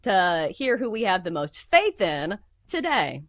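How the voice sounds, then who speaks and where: A woman from the American South hosting a radio show, chatty and quick to laugh, with a runny nose. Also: lowish voice, sing-song, slight background noise. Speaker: radio host. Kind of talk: casual radio chat.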